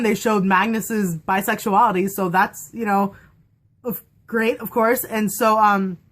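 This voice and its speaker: Young woman, bright voice, fangirl review vlog, gushing and breathless, recorded to her camera. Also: medium pitch. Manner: gushing, breathless fangirl chatter full of fillers. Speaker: TV review vlogger. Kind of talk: excited casual TV episode review. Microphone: camera on her desk after her phone stopped recording.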